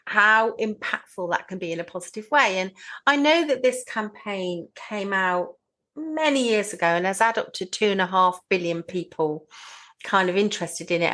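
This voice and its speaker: A woman's voice: medium pitch, fairly bright tone, poor audio. A woman, a nurse, co-hosting a podcast in an earnest, conversational manner. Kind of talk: casual chat.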